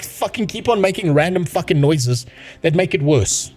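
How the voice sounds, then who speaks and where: Male streamer, profane sarcastic game rant, upper-middle pitch, soft music underneath. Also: moderate pace. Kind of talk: casual live-stream rant.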